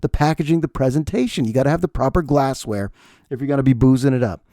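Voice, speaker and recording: A man's voice: medium pitch, fast, mellow, dry recording, clean studio sound. A man in his forties hosting a solo podcast, chatting casually in a rambling, self-deprecating way. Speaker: podcast host.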